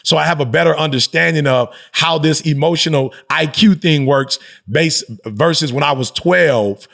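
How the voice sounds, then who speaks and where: A middle-aged man, both pastor and motivational speaker, guests on a podcast for a candid conversational interview. His fairly high voice carries vocal fry and a slight brightness, moving at a moderate pace. He sounds thoughtful and emphatic, with slangy asides.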